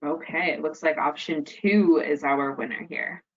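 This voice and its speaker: A woman moderating an online webinar, making measured, unhurried announcements to the audience. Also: low voice, dull audio.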